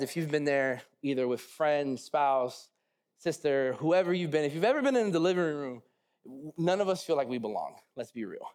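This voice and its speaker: A man in his thirties preaching a sermon, telling a funny personal story and acting out the voices with self-mocking humor. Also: on the high side. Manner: animated, acts out quotes, self-mocking humor. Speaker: pastor.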